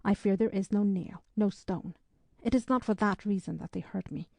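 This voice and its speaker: A woman reading the part of an anxious young Spanish woman traveller, hesitant and nervous, in a dry, mellow voice. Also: medium pitch, normal speed, creaky, no room sound.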